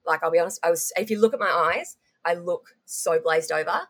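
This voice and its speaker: A young woman telling an interviewer a candid story, animated and swearing freely. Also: lowish voice, fairly quick. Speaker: guest.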